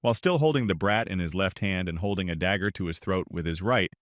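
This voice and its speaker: A man narrating a story recap in a steady, scripted storytelling style. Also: low voice, fast, no room sound, studio quality.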